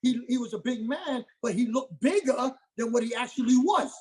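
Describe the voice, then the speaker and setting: A middle-aged man with a husky, slightly breathy voice speaks as a martial arts master in a casual interview. He drives his points home with repetition and keeps asking "okay?" to check that he is followed. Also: extremely high pitch, normal speed, darkish tone, low-quality recording.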